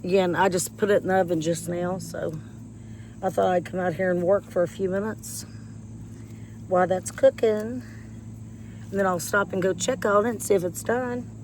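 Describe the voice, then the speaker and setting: A woman with a lowish, slightly mellow voice and fairly even intonation talks at a moderate pace, pausing often, as she weeds her yard near a porch. The vlogger's chat with viewers is casual and folksy, with rambling, a slight cough from a chest infection, and light background noise.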